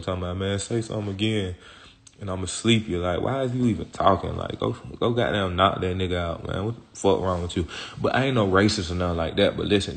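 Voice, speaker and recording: A man talking as an interview guest in casual street talk, rambling and slang-heavy, swearing often and asking "you feel me" again and again. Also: low voice.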